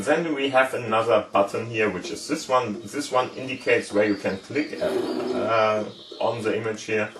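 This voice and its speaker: A man hosting a gaming channel, walking viewers through an adventure game in a loose, explanatory way full of fillers and hedges. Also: lowish voice. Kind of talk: let's play commentary. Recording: roomy, distant mic with game music. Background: game music.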